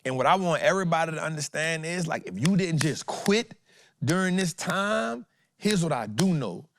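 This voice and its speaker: A man hosting a stock trading talk, animated and preachy, swinging between loud and soft as he acts out quotes. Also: on the high side, normal speed, vocal fry. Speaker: host.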